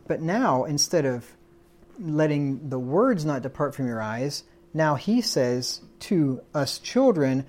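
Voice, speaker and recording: A man's voice: on the high side, big pitch swings, a little slow, a little mellow. A man preaching, explaining scripture verse by verse in an emphatic, teaching manner, often repeating words as he goes. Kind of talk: sermon, verse-by-verse Bible teaching.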